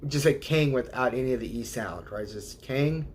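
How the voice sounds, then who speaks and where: A man's voice: medium pitch, expressive, a little fast, a little hiss or hum. A man hosting a casual livestream, rambling and hesitant, laughing often as he sounds out viewers' names. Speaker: livestream host.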